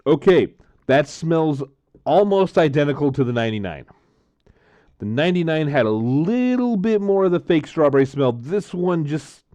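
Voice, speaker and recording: A man's voice: medium pitch, a little mellow, dry recording. A man vlogging casually, tasting drinks and telling a story, rambling with lots of fillers.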